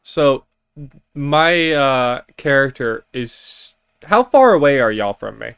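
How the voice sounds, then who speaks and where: Male game master, unhurried, smooth tone, wry. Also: mid-range voice, very animated, fairly bright tone, no room sound, studio quality. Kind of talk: narrating a tabletop game.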